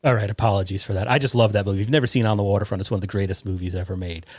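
A man hosting a podcast in excitable, rambling banter, full of movie comparisons. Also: on the low side, very fast. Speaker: podcast host.

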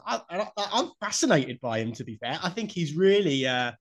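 A man's voice: on the high side, sing-song, normal speed. A man hosting a podcast in casual chat, blunt and swearing freely. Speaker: podcast host.

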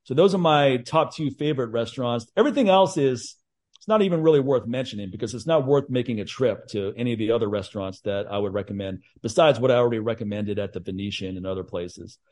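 A man hosting a casual chat, telling stories in a blunt, profane, animated way. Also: mid-range voice, fast. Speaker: podcast host.

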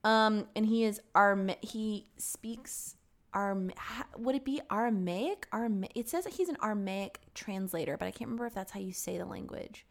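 A woman's voice: mid-range voice, animated, moderate pace. A young woman co-hosting a podcast in casual chat, giggly and full of fillers. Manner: giggly, chatty, many fillers. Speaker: podcast co-host.

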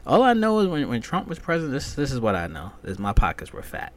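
A man's voice: mid-range voice, huge pitch swings, fast talker. A man hosting a casual solo podcast rant, loose, profane and rambling. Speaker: podcast host.

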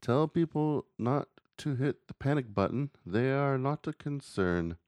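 A man's voice: mid-range voice, lively intonation, a little slow, a little mellow, dry recording, pitched above the performer's own voice, lightly acted. A man doing a voice and an accent for a local man on a podcast. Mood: reassuring.

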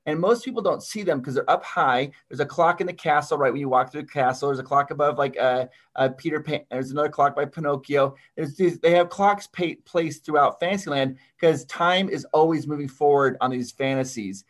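A man's voice: a little high, fairly quick, few pauses. A man chatting casually as a podcast guest, telling stories with animation. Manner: animated storytelling. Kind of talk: casual chat.

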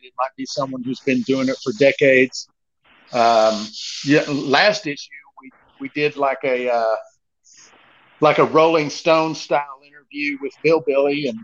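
A man co-hosting a podcast, explaining things in a steady, earnest way in casual chat. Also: mid-range voice. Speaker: podcast co-host. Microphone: earbuds mic. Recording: muffled lo-fi call audio.

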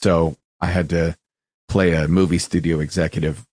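A man co-hosting a casual podcast chat, animated and stop-start, laughing often. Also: deep voice, normal speed, no room sound. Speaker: podcast co-host.

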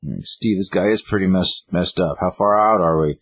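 Deep husky guy recapping a story, keeps doing the characters' lines, dry sound. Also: fairly quick, dry recording. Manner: animated retelling, acting out lines of dialogue in a raised voice. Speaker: co-host recapping a game story. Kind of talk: casual chat.

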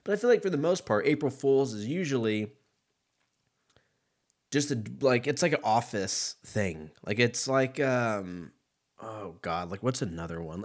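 With a lowish voice, lively intonation and a measured pace, a man runs his own podcast as a rambling solo chat, full of swearing and laughter at his own jokes.

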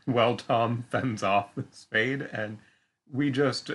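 A podcast co-host recaps a TV episode in casual chat, his mid-range voice slow, a bit bright and slightly rough. He sounds hesitant, with many fillers and restarts, and laughs easily.

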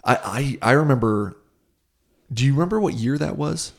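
A man's voice: medium pitch, expressive, normal speed, creaky. A young man hosting a casual podcast interview, laid-back and agreeing often, a former college football player.

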